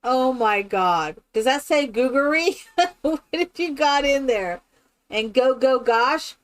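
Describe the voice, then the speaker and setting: Woman, live-stream gamer, rambling casual chat, slightly high voice, unhurried. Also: animated. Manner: rambling, chatty, exclamatory.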